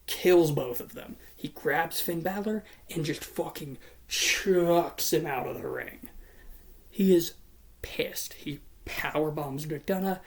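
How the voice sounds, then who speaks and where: A wrestling booking commentator giving a casual solo talk, narrating imagined matches in a blunt, profane, playful way. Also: mid-range voice.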